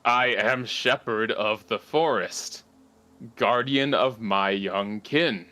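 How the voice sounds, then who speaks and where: A man voicing an ancient male tree guardian of the forest, speaking in a slow, groaning way. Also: fairly low pitch, sharp tone. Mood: solemn.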